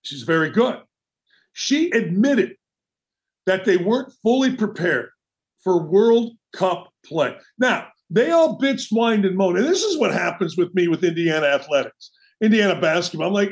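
A man's voice: high-pitched, normal speed. A man hosting a sports talk show, delivering a brash, opinionated monologue with mocking asides. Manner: brash, animated, mocking asides and quoted voices.

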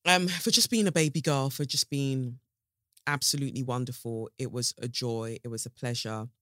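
A woman hosting a solo podcast, chatting frankly and animatedly, swearing freely and swooping up in pitch. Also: normal speed, a bit bright, no echo, studio quality. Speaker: podcast host.

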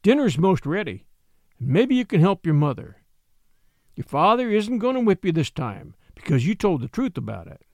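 A man voicing a kindly old grandmother who scolds gently but firmly. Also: sits high, sing-song, moderate pace, dry recording.

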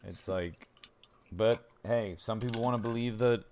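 A man co-hosting a podcast, chatting casually in a laid-back way that trails off softly, and also reading an ad. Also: lowish voice, a little slow, a little hiss or hum. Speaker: podcast co-host. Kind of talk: casual chat and host-read ad.

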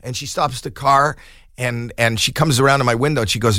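A man's voice: mid-range voice, quick pace, no echo, clean studio sound. A middle-aged man, a comedian guest on a podcast, telling an anecdote with laughter and put-on voices for the people in it. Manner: animated, laughing, voices in quotes. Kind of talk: storytelling anecdote.

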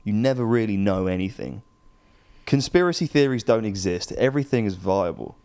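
A young man co-hosting a casual podcast, telling jokey, rambling stories in an animated way. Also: lowish voice, normal speed, clean tone. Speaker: podcast co-host. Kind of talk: casual chat.

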